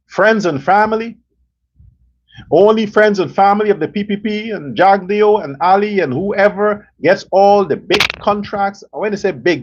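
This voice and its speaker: A male show host giving a blunt, profane commentary monologue, telling stories in a rough, outspoken way. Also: sits high, muffled recording.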